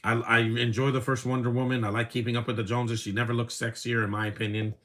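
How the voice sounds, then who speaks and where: A man's voice: medium pitch, little pitch movement, fast, a bit bright, slight background noise. A man giving casual live commentary over a movie, rambling from one opinionated aside to the next.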